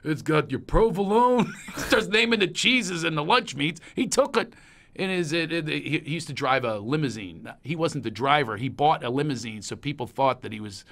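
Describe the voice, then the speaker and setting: A middle-aged man from Pennsylvania with a Pennsylvania accent, hosting a podcast and telling long personal stories in a rambling, animated way. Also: a little high, normal speed. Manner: rambling and storytelling, animated when recalling anecdotes. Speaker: podcast host. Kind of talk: casual chat.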